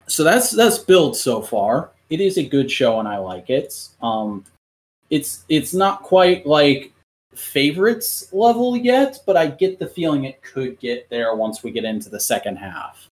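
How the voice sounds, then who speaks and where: A man in casual podcast chat, retelling a show in a rambling, profane, animated way with lots of restarts. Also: on the high side. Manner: many fillers and restarts.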